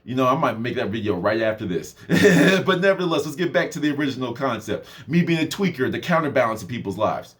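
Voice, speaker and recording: A man's voice: medium pitch, sing-song, fast talker, few pauses. A man talking casually in a motivational vlog, rambling, laughing often and acting out the people he quotes. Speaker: motivational vlogger and mentor.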